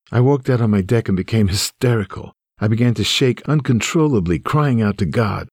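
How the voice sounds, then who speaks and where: Guy reading his memoir, somber, husky voice, dead dry room. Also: on the low side, fairly quick, hardly any pauses, a little mellow, no echo. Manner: somber and earnest. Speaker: narrator. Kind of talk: memoir narration.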